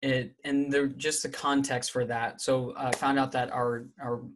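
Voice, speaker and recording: A man as an interview guest, telling a personal story candidly, with halting speech and many restarts. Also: mid-range voice, level tone, background noise.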